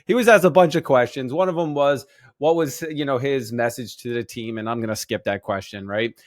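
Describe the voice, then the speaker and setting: A man's voice: medium pitch, a little fast, no echo, clean studio sound. A man co-hosting a casual sports podcast, who rambles with restarts and laughs often. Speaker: podcast co-host.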